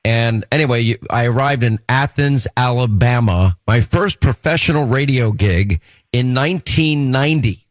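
A middle-aged man with a New York accent hosts a talk radio show, speaking in a loose, chatty, rambling way. His voice sits at an ordinary pitch. The sound is close and dry, with no room around it. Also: normal speed, dry recording. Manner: chatty, rambling, restarts sentences. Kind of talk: radio interview.

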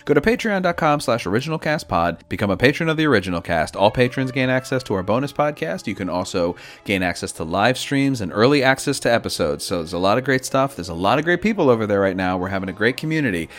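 Lively, chatty male podcast host. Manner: chatty and playful, lively pitch. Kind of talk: casual podcast chat.

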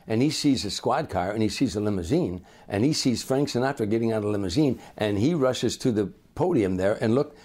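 An older man, a comedian, telling lively anecdotes in an interview and acting out the people in them. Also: medium pitch. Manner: animated raconteur, acts out voices. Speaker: comedian guest.

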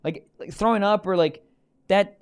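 A man's voice: sits high, moderate pace, smooth. A young man co-hosting a podcast, chatting loosely and joking with plenty of swearing. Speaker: podcast co-host. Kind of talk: casual chat.

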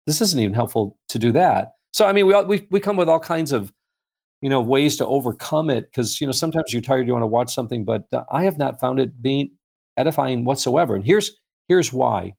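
A man's voice: mid-range voice, animated, a little fast, vocal fry, darkish tone. A man speaking as a guest in a casual faith-based conversation, rambling with many fillers and restarts as he tells stories. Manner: acts out voices in anecdotes.

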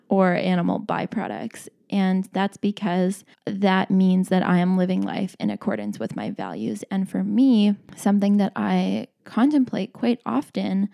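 A young woman in her twenties chats casually to camera, her voice mellow and low in tone with a gravelly edge. She talks in loose, rambling sentences full of filler words and restarts. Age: 20s. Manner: chatty, frequent "like" fillers and restarts. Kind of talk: casual vlog talk.

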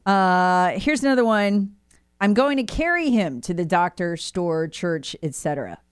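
A woman's voice: fairly low pitch, lively intonation, a little slow, smooth, no echo, clean studio sound. A woman co-hosting a radio talk show, chatting playfully and reading listener texts aloud. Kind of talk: casual radio chat.

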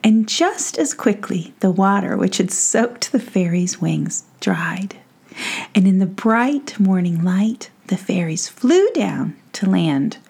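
Woman whispering a slow, gravelly bedtime story. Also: medium pitch, lively intonation. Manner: soft, slow, hushed. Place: home with a pet nearby.

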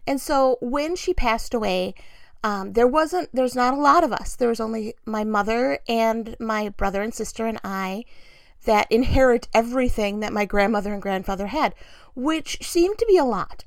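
Woman, 40s, casual storyteller, animated, acts out quotes, quick laughs, a bit of fry. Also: a little high, dry recording. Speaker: storyteller sharing family memories.

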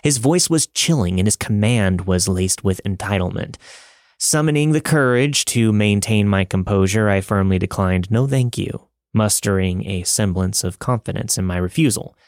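Man, lowish voice, dry close studio sound; reads horror stories with dramatic, measured pacing. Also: dry recording. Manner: dramatic, measured storytelling delivery. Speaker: podcast story narrator. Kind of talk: scripted narration of listener stories.

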